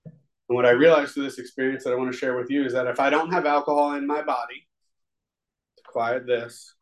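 Man, mid-pitched, rambling and candid, sharing a recovery testimony. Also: steady tone, a little fast, low-quality recording. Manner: rambling and conversational, full of fillers; earnest and confessional. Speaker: recovery meeting speaker. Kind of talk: personal testimony at a recovery meeting.

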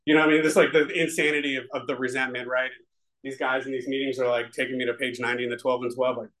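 A man's voice: medium pitch, level tone, racing, a bit bright, poor audio. A man giving a personal testimony at a recovery meeting, talking in an earnest, confessional and rambling way with many fillers. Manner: rambling and conversational, full of fillers.

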